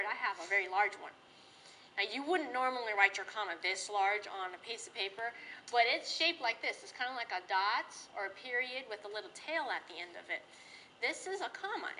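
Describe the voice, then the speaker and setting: A woman teacher giving a classroom grammar lesson in a patient, clear, sing-song way. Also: a little high, pushed and bright, slight background noise, low-quality recording.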